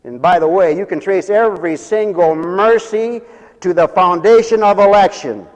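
This man speaks at a normal speed in a high voice, delivering a forceful sermon to both a church congregation and radio listeners while calling for their responses. A long hall reverb fills the church sanctuary recording.

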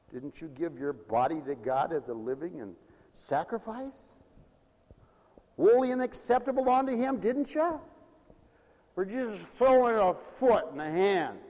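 A man preaching a sermon in a mission hall, emphatic, swinging between loud declarations and hushed asides. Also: high-pitched, animated, unhurried.

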